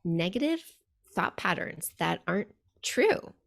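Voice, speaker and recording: Gravelly-voiced woman hosting a podcast. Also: lowish voice, very animated, unhurried. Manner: reflective, gentle, many "like" fillers. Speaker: podcast host. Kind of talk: conversational interview.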